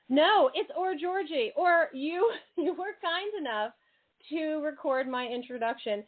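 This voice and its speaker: A bubbly, chatty woman hosting a radio interview, quick to laugh and exclaim. Her voice sits fairly high and comes through a thin, phone-like line. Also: expressive. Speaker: radio show host. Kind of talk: casual interview chat.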